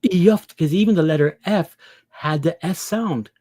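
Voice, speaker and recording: A man's voice: a little high, normal speed, a little mellow, dry recording, studio quality. A man preaching an impassioned scripture lesson, pressing his listeners with rhetorical questions. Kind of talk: impassioned religious teaching.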